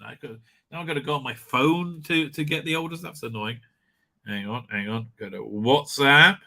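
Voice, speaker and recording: A man's voice: mid-range voice, bright, forceful tone. A man hosting a casual live stream from home, reading out viewer comments, rambling and stammering and laughing often.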